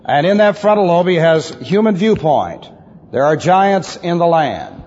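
A man's voice: a little high, animated, a little slow, a little mellow. A man teaching a methodical sermon, repeating key phrases with emphasis, on an old recording. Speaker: pastor teaching doctrine. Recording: lo-fi old recording in a reverberant hall.

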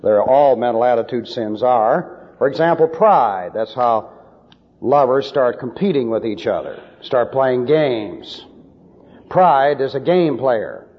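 A man's voice: mid-range voice, animated, a little slow, big-room sound, lo-fi sound. A male preacher giving emphatic, lecture-style Bible teaching with numbered points.

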